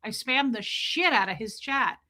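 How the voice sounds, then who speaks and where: A woman's voice: fairly high pitch, expressive, a little slow, bright, forceful tone. A woman hosting a casual live stream, greeting viewers by name, self-mocking and laughing often. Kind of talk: casual live chat reading viewer comments.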